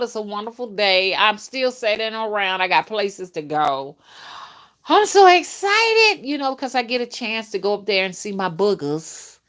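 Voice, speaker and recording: A woman's voice: fairly low pitch, a bit bright. Folksy chatty woman hosting a live stream. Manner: chatty and folksy, addresses viewers as y'all and honey. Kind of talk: casual live-stream chat reading viewer comments.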